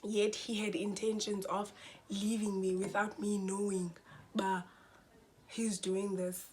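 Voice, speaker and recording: Animated young woman. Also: medium pitch, slow, a little hiss or hum. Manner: animated, dramatic, mixes in slang and addresses viewers as guys. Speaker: vlogger. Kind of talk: storytime vlog.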